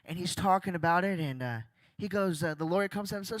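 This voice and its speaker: A young man giving an energetic church talk, chatty and jokey, asking the crowd questions. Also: high voice, fast talker, dry recording. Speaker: guest speaker. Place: church stage.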